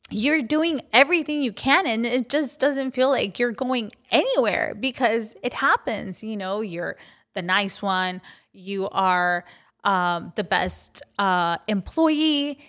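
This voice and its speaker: A woman's voice: fairly high pitch, a bit bright. A young woman giving an earnest, encouraging personal faith talk, with casual fillers. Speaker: Christian vlogger sharing a testimony.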